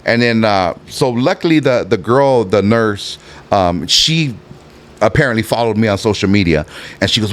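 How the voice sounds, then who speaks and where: Animated storytelling man, lively voice. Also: on the low side, a little fast. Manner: animated, swears freely, acts out voices in the story. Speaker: guest telling a story. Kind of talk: casual storytelling.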